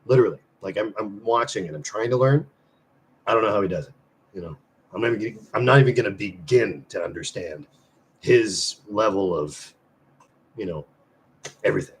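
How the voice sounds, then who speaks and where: A man hosting a casual live stream and chatting loosely with viewers. He swears freely, rambles with restarts, and swings between loud bursts and mumbled asides. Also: fairly low pitch, normal speed, long pauses. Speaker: livestream host; semi-retired musician.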